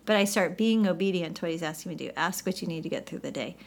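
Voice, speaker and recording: A woman guest on a faith podcast, candidly telling her story with lively, acted-out quotes. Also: on the low side, racing, creaky. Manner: animated storytelling, acts out quoted voices.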